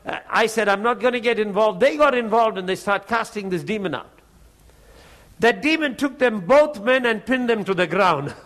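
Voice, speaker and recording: A man preaching, telling a testimony in a lively way, often laughing and acting out the voices and prayers in his story. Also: sits high, normal speed.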